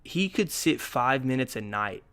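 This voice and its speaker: A man's voice: medium pitch, lively intonation, unhurried, fairly bright tone, clean tone. A man in his twenties hosting a casual solo podcast, rambling through jokey, profane stories with sudden bursts of energy. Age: 20s. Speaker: podcast host.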